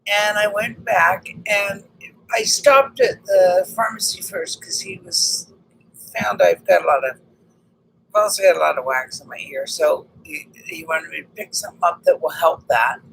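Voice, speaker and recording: A woman telling a personal story in a casual monologue, animated and acting out the conversations she had. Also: lowish voice, normal speed, gravelly, slight background noise, low-quality recording. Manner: animated, re-enacts conversations, frequent restarts.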